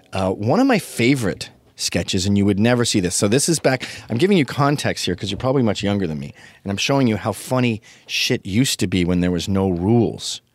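A man's voice: lowish voice, no echo, clean studio sound. A man in his fifties ranting in a casual comedy monologue, profane and opinionated. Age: 50s.

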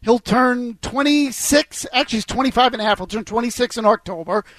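Male sports radio co-host, blunt emphatic takes, high voice, dry studio sound. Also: brisk, fairly bright tone, no echo. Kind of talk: sports talk radio banter. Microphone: studio microphone.

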